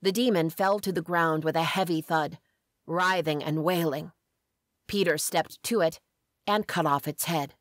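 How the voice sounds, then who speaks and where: A woman reading a first-person fantasy story aloud as an audiobook narrator, with a steady, even delivery. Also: low voice, measured pace, no room sound, studio quality.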